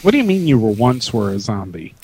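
A man's voice: fairly low pitch, very animated, a little fast, darkish tone, husky, poor audio. A man co-hosting a casual online chat show, joking and teasing and laughing often. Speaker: podcast co-host.

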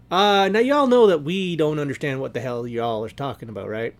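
A man's voice: on the high side, fairly quick, few pauses. A man hosting an online radio show, playfully rambling as game master of an improvised role-play game.

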